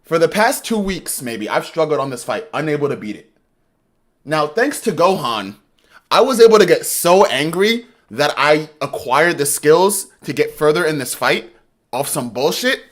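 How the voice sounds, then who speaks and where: A young man streaming a video game live, commentating in an excitable, rambling way and often laughing. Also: fairly high pitch, moderate pace. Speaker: gaming streamer.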